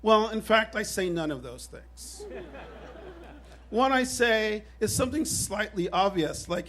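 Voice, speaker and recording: A man in his fifties telling a personal story on stage at a live show, animated and wry with self-deprecating humor. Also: high voice, unhurried.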